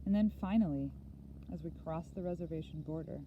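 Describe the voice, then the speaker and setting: A woman reading a first-person novel aloud in an earnest, measured storytelling manner. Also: sits low, phone-quality sound, background noise. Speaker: audiobook reader.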